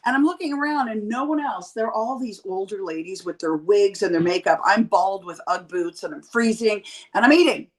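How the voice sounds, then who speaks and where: A woman in her fifties, a podcast guest, chats candidly with blunt, profane humor in a middle-pitched voice at a moderate pace with few pauses. She tells stories animatedly, slipping into quoted voices, though the audio quality is poor.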